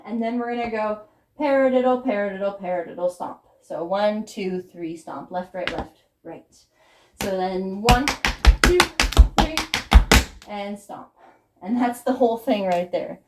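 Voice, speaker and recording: A woman's voice: mid-range voice, unhurried, very noisy. A woman teaching a tap dance routine, counting and calling out step names in rhythm while she dances, audibly out of breath. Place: dance studio. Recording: echoey room with loud tap clicks.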